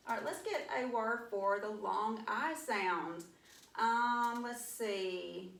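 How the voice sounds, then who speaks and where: A woman teaching a phonics lesson, sounding out letters in a slow, encouraging way. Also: a little high, vocal fry, fairly bright tone. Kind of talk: mock phonics lesson to an imagined class. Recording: echoey room, voice from a distance.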